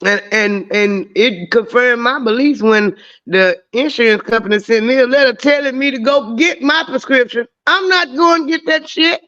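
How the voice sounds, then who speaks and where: A woman's voice: fairly high pitch, moderate pace, a bit bright. A woman in casual chat, telling stories emphatically and swearing freely. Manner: emphatic, profane, storytelling. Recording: dull lo-fi audio.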